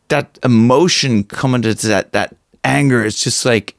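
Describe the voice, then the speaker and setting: A male vocal coach with a medium-pitched voice gives a casual lesson, explaining technique in an unhurried, rambling way. He circles back on his own phrases, restarts, and demonstrates screamed lines and breathy talk. The sound is dry and close, with no room around it and no echo.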